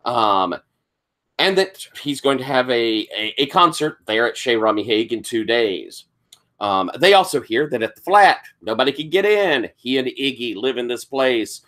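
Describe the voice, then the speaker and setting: Lively storytelling man running a game. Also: mid-range voice, moderate pace. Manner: animated storyteller, acts out quotes and sound effects. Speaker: game master. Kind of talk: recapping a tabletop game session.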